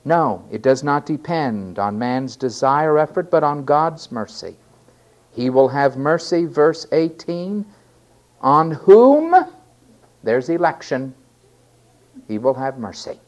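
A man preaching a sermon, stressing key words loudly and then dropping to quiet asides. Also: mid-range voice, a little slow. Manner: emphatic, swinging between loud stresses and quiet asides.

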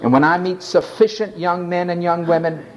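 A man preaches from the pulpit in a notably high voice for a male speaker. He pleads with his listeners with passion. He dramatically acts out the words of the people he quotes. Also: fairly even intonation, moderate pace, slight background noise. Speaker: pastor. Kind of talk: sermon.

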